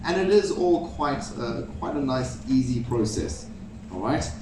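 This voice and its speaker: Heard from a distance in an echoey hall full of crowd noise and music, a South African cruise director works the theatre stage of a cruise ship. He's an upbeat showman joking with the audience, speaking at a medium pitch, animated but unhurried, over a noisy background.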